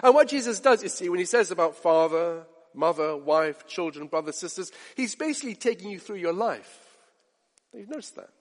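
A man preaching a sermon with passion, asking his listeners direct questions and swinging from loud to hushed. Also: sits high, lively intonation, normal speed, long reverb tail.

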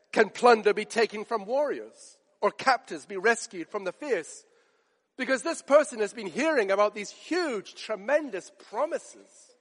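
A man delivers a sermon in a high, earnest voice, pressing each point with emphatic repetition. The sound carries a long reverb, as in a large church. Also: fairly bright tone. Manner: earnest, emphatic, repeats phrases for effect. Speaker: preacher.

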